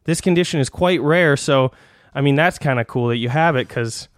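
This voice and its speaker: A man's voice: medium pitch, moderate pace, dry recording, studio quality. Rambling man riffing as a joke doctor. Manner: rambling, laughing, with frequent restarts. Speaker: comedy podcast host. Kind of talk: comedic bit, reading a fake doctor's diagnoses.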